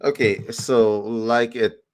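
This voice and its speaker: A man on a video call who calmly guides and questions a guest. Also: medium pitch, slow pace. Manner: calm, guiding, asks questions. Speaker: healer guest. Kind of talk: casual chat.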